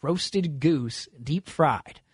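A man's voice: on the high side, extremely slow, breathy edge, dry recording, studio quality. A man hosting a sports radio show, quizzing his co-host in a playful, upbeat way.

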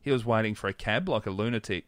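A man's voice: lowish voice, quick pace, no room sound. A man, a comedian telling stories in a casual podcast chat, swearing often. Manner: swearing, animated storyteller.

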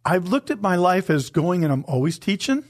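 A man co-hosting a Christian talk show, giving an earnest, emotional personal testimony and slowing down to stress his points. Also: high-pitched, big pitch swings. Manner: earnest, emotional, slows for emphasis.

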